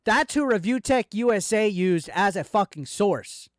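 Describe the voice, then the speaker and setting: A man's voice: high-pitched, lively intonation, unhurried, dry recording, studio quality. A man hosting a commentary video, ranting angrily and swearing constantly as he speaks directly to a rival. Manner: profane, heated ranting addressed straight at a rival. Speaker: commentary channel host. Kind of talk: angry reaction commentary.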